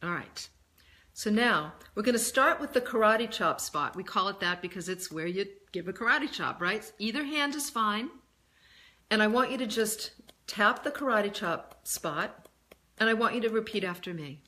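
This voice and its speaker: A woman's voice: medium pitch, lively intonation, bright, forceful tone. A woman leading a guided tapping exercise, speaking in an emphatic, coaching way and having listeners repeat her phrases. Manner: slow, emphatic, guiding. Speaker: tapping practitioner.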